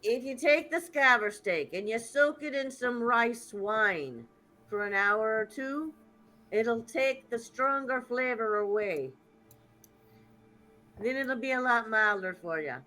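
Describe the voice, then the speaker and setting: A woman's voice: on the high side, animated, slow pace, pushed and bright, faint music behind, heavily acted, poor audio. A woman voicing a friendly ship's chef who hands out homey cooking tips in a tabletop game. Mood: hearty. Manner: homey, encouraging cook's advice.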